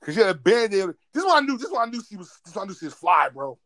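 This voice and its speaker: A man telling a funny story from his school days in a loose, animated way, repeating himself and laughing. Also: high voice, rapid-fire, dry recording. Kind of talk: casual storytelling.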